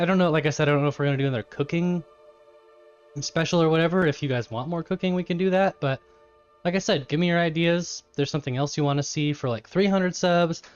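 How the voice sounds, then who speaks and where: A man's voice: a little high, clean tone, lo-fi sound. A man live-streaming from his home kitchen, chatting casually with his chat, laughing often and eating as he talks.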